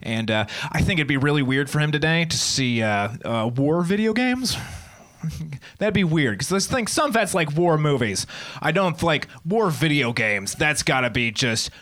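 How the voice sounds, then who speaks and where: A man's voice: fairly high pitch, animated, normal speed, a bit bright. A man in his twenties doing a stand-up comedy set, rambling through self-deprecating asides. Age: 20s.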